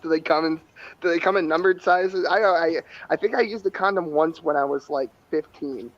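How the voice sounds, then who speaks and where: A man's voice: on the high side, normal speed. Nasal, foul-mouthed man ranting. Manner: profane, rambling rants. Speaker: podcast host. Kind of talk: casual group chat. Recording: dull lo-fi audio.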